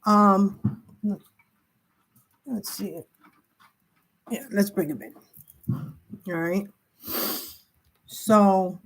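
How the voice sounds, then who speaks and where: Tearful woman in a spiritual vlog. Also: mid-range voice. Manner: tearful, halting, apologetic. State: crying. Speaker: tarot reader.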